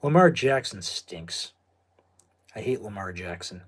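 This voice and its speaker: A middle-aged video host with a New England accent chats casually in a fairly low, lively voice, speaking a little slowly. He rambles and digresses onto tangents, tossing in asides and laughs.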